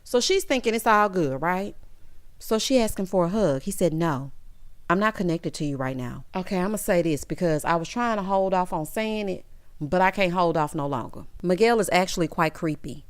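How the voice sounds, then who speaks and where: A woman's voice: lowish voice, fairly quick, clear, resonant tone. A woman giving a sassy, casual recap of a reality show, mimicking the cast as she goes. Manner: sassy, animated, quotes cast members in mock voices.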